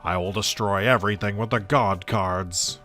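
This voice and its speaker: A man's voice: lowish voice, fairly even intonation, bright, forceful tone, soft background music. A man hamming up a vengeful game villain. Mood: menacing. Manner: slow, dramatic, theatrical delivery. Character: vengeful male villain, grandiose and menacing.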